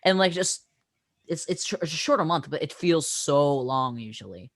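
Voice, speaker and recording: With a fairly high, animated, fairly bright voice at normal speed, a teenage podcast host guides a relaxed conversation, directing the topics and filling it with frequent fillers. The recording is dry.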